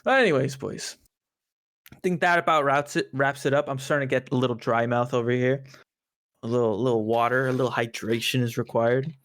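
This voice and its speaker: A man co-hosting a podcast in casual chat, animated and joking, swearing casually. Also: mid-range voice, brisk. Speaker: podcast co-host.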